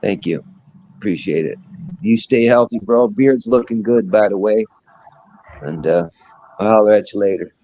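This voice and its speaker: A man on a live stream signing off loudly and warmly, calling people bro. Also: on the low side, moderate pace, pauses often, muffled recording. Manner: loud, friendly, calls people bro. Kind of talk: casual farewell chat.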